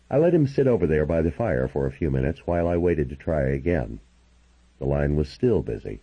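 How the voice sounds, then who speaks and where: A man reading a first-person novel aloud as an audiobook narrator, with a husky voice and a dramatic storytelling delivery. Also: a bass voice, muffled recording.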